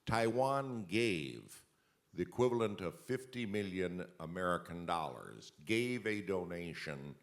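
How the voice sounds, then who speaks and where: A man moderates a panel in a very deep voice. He speaks deliberately and leans on key words for emphasis. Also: lively intonation. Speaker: moderator, journalist.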